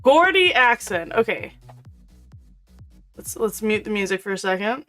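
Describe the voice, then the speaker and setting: A woman's voice: mid-range voice, big pitch swings, unhurried, a bit bright. A woman streaming a video game, chatting casually with her viewers and her pet, laughing often. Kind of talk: casual chat while gaming. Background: faint intro music.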